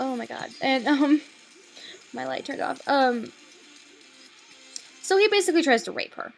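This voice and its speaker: A woman's voice: sits high, lively intonation, moderate pace, creaky, pauses often, faint music behind. A young woman rambling through a casual, sarcastic film review at home at night, swearing often and filling her talk with likes and ums.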